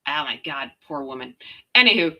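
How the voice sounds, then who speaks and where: Middle-aged woman from Canada, casual ranting vlogger, sarcastic and slangy, bright animated voice. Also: very deep voice, normal speed. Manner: blunt, sarcastic, slangy, mild swearing. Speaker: commentary vlogger.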